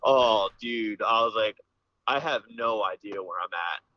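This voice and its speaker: A man's voice: on the low side, unhurried. A young man from Pennsylvania, a podcast guest telling a hunting story in a rambling, casual way, full of "dude" and "like.". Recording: slightly dull, lo-fi podcast audio.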